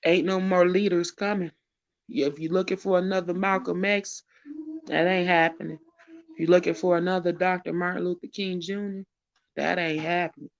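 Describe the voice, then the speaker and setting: Male livestream host, gravelly, emotional and near tears, preaching with urgency; muffled lo-fi audio. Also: high voice, fairly even intonation, normal speed. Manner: preacherly and urgent, with repeated phrases and casual shout-outs. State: tearful and emotional. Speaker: host of a live online show. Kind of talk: emotional livestream talk and exhortation. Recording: dull lo-fi stream audio.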